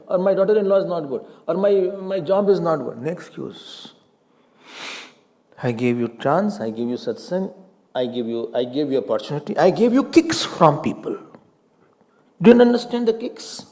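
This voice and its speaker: Indian guy preaching, high voice, keeps asking the crowd why, bits of hindi. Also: lively intonation, normal speed, a little mellow. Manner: exhorting, rhetorical questions, mixes in Hindi, laughs often. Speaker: spiritual teacher. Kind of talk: sermon.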